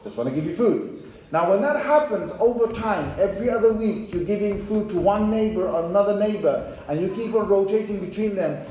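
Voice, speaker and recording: A man's voice: high voice, a little mellow. A man preaching a sermon, telling a story and acting out the voices of the people in it, speaking straight to young men in the audience. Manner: storytelling, acts out quoted voices, addresses young men directly. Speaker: Islamic preacher. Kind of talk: sermon with anecdote. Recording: very echoey hall with faint noise.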